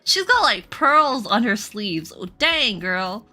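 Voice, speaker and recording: A woman's voice: a little high, sing-song, takes it slowly. A young adult woman giving playful, giggly commentary while reading a story game aloud. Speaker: gaming streamer. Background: soft game music.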